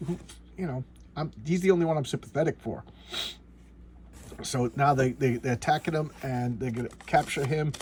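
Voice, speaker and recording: With slight background noise, a man in a mid-range voice delivers a casual, sarcastic review of an old comic. The monologue meanders, full of restarts and trailing side comments.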